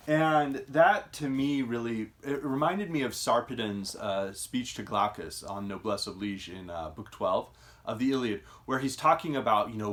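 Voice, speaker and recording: A man's voice: medium pitch, expressive, normal speed, fairly bright tone. A man hosting a casual literary discussion, thoughtful and musing, often restarting his sentences. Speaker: podcast host.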